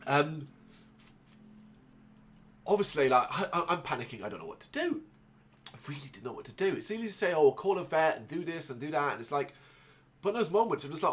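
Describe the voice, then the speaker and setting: A man's voice: a little high, big pitch swings, fast, pauses often, fairly bright tone. A man, hosting a podcast and telling a rambling, emotional personal story, restarting often and swearing. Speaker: podcast host.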